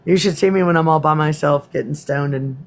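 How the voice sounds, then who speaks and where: A woman hosting a casual livestream, greeting commenters by name and swearing freely, her voice slightly hoarse. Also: deep voice, fairly quick. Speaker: livestream host. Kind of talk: casual livestream chat and reading her own poems.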